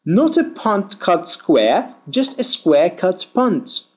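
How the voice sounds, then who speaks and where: Guy reading pronunciation drills, slow and super careful, voice jumps up and down a lot. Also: sits high, big pitch swings, darkish tone. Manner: slow, deliberate, over-articulated reading. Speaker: pronunciation teacher.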